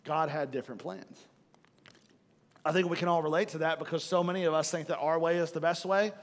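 Middle-aged male pastor, high voice, animated sermon storyteller, live church hall reverb. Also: fairly quick. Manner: animated storytelling, acts out own frustration.

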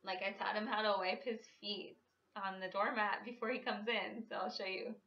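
A woman's voice: mid-range voice, flat delivery, normal speed, lo-fi sound, noisy background. A woman vlogger chatting casually to the camera, with lots of fillers and small laughs. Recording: echoey room, mic at a distance.

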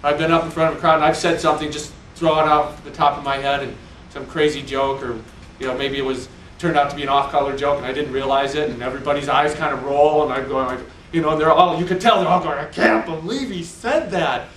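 A man's voice: on the high side, level tone, fast, few pauses, fairly bright tone, slight background noise. A man giving a live motivational speech, telling stories animatedly with self-mocking humor. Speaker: motivational speaker. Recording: echoey hall, distant mic.

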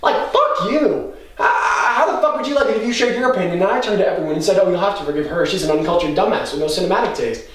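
An actor playing a defensive movie fan who argues quickly and heatedly, with a lot of swearing. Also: male voice, high-pitched, expressive, fairly bright tone. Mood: furious. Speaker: lead actor. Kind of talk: indie film drama acting. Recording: far-off mic in an echoey room, faint noise.

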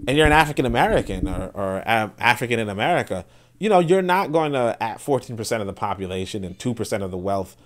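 A man talks in loose, unscripted commentary as a podcast host. He restarts his sentences and piles up fillers, then breaks into animated bursts. His voice sits at an ordinary middle pitch. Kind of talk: casual spoken commentary.

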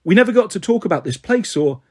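A man's voice: sits high, animated, quick pace, slightly rough, pitched above the performer's own voice. A man voicing a weak, dazed teenage boy who mutters.

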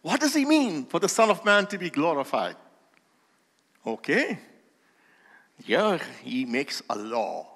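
A male pastor delivers a sermon in a slow, deliberate cadence, leaning hard on key phrases that swell in volume. His voice sits a little high and moves with lively swings of pitch. The sound carries a long reverb from the hall he speaks in. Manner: emphatic preaching with rising volume and slow stressed phrases.

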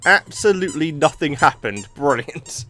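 A young man hosting a let's play, excitably talking to himself and the game. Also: on the high side, moderate pace. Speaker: gaming video host.

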